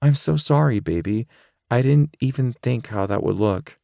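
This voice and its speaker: A playful young woman in an audiobook, put on by a male narrator, speaks breathlessly in a high, faintly distant voice. She sounds affectionate and apologetic. The recording is close and dry, with no room around it. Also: normal speed, gravelly, warm tone, no room sound, lightly acted.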